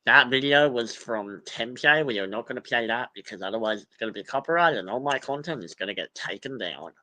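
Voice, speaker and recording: A man's voice: mid-range voice, expressive, fairly quick, sharp tone, poor audio. A young man chatting casually on a livestream, reading cast bios aloud and rambling through his opinions with lots of fillers and swearing.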